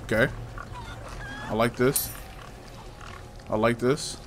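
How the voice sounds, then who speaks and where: A man's voice: medium pitch, animated, unhurried, creaky, long pauses, fairly bright tone, a little hiss or hum. A man giving loose, casual commentary while playing a game, talking to himself and teasing the hero, with frequent swearing. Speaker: gameplay streamer.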